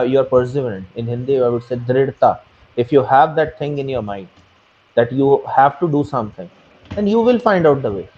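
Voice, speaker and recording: A man with a Punjabi-influenced Indian English accent, a French learner answering interview questions earnestly and often repeating himself. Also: medium pitch. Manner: earnest, explains with repeated phrases. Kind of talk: casual interview. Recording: muffled lo-fi sound.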